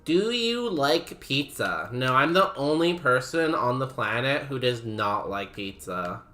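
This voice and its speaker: A man's voice: medium pitch, sing-song, a little slow, bright, forceful tone, soft background music. A young man streaming a game, chatting casually with his viewers, laughing often and saying "like" a lot. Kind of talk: casual chat while playing a game.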